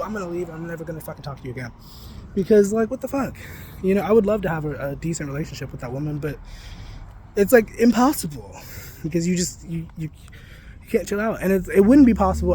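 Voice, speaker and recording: Young guy ranting on a walk, kinda high voice, swears a ton, says like constantly, faint hiss behind. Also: darkish tone. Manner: rambling, frequent swearing and filler "like", laughs between thoughts. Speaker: vlogger. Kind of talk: casual venting vlog. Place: outdoors, walking. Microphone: handheld phone.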